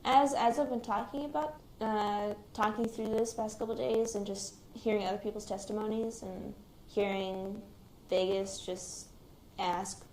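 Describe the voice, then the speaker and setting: A young woman speaks in a hesitant, reflective way, often pausing to gather her thoughts. Her voice sits at an ordinary middle pitch. The room around her is echoey, and a faint hiss of noise runs underneath. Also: steady tone. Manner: hesitant, reflective, quiet-spoken. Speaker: shooting survivor, active military member. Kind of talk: recounting a personal experience in an interview. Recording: roomy recording with faint background noise.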